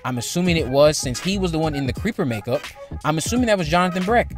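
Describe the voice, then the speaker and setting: A man's voice: fairly high pitch, lively intonation, fast, faint music behind. A man talking casually as a movie commentary host, opinionated and rambling, circling back to repeat his points.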